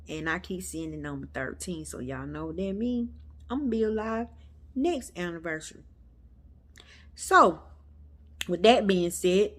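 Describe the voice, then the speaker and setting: Slow-talking, chatty woman vlogger. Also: mid-range voice. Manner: chatty and emphatic, addresses viewers as y'all. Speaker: metaphysics vlogger. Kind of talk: casual storytelling to viewers.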